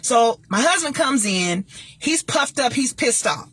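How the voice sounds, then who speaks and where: A woman's voice: fairly high pitch, animated, unhurried, fairly bright tone, breathy edge. A woman hosting her own show, giving emphatic, blunt advice and telling a personal story in a casual monologue. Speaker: talk show host and former radio DJ.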